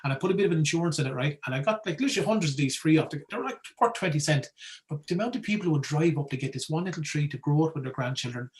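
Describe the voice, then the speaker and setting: Casting note: Wexford Irish man, rapid and animated, chatty guest, slightly higher voice. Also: rough recording. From Ireland. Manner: animated, chatty, peppered with "right?". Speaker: folklore collector, guest speaker. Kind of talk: casual talk.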